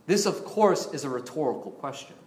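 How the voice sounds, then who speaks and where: A pastor preaches a sermon in a conversational, animated way, often putting rhetorical questions to his listeners. His voice is a little high and fairly quick, and the room is echoey.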